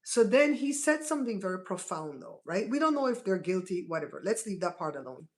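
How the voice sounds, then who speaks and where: A woman's voice: mid-range voice, very animated, fairly quick. Chatty woman hosting a live stream. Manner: chatty, talks straight to her chat with many "right?" asides. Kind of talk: casual live-stream chat.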